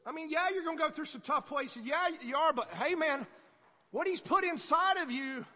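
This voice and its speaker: A man preaching a sermon as pastor, conversational and animated, acting out voices in his stories. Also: very high-pitched, normal speed, long reverb tail.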